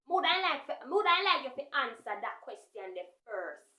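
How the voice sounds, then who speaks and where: A woman's voice: high-pitched, very animated, normal speed, bright, forceful tone, echoey room. A Jamaican woman giving impassioned reaction commentary, firing off repeated questions. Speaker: commentator reacting to a news interview.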